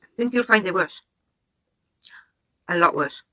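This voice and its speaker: A woman's voice: on the low side, animated, a little slow, pushed and bright, low-quality recording. A woman from Wales, host of a commentary channel, talking sarcastically straight at the man in the clip.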